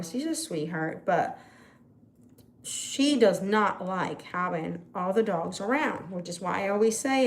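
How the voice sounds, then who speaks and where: A woman vlogging casually, retelling a mishap in an exasperated, animated way. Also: mid-range voice. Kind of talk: casual vlog storytelling.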